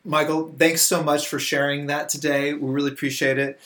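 A man's voice: fairly high pitch, level tone, a little fast, fairly bright tone. A man hosting a podcast interview, affirming his guest and wrapping up with thanks. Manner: affirming, wraps up with scripted thanks. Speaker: podcast host. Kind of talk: interview conversation.

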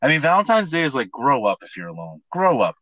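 Lively joking man with a bright voice. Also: mid-range voice, quick pace. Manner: crude, joking, lively storyteller. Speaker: podcast co-host. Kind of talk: casual chat.

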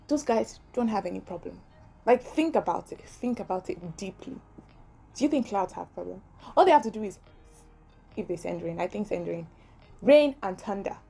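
A woman's voice: mid-range voice, vocal fry, darkish tone. Chatty Nigerian woman podcasting. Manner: chatty, ranting, laughs often. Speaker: podcast host. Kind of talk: casual solo podcast monologue.

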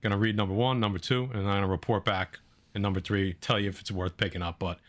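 A man's voice: on the low side, steady tone, fast. A man co-hosting a casual comic book podcast, talking in a laid-back, rambling way with plenty of fillers. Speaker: podcast co-host.

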